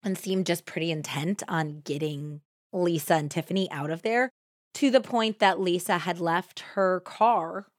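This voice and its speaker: A woman with a fairly low voice recounts a true crime case for her podcast. She talks casually and jumps up in pitch when she acts out what people said. The sound is dry and close, with no room around it. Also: a little slow, no echo. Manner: conversational, animated when acting out quotes. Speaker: podcast host.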